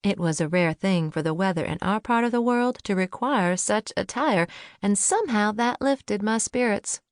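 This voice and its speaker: A woman narrating a first-person novel in a measured, lightly wry manner, on a close studio mic. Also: medium pitch, dry recording. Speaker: audiobook narrator.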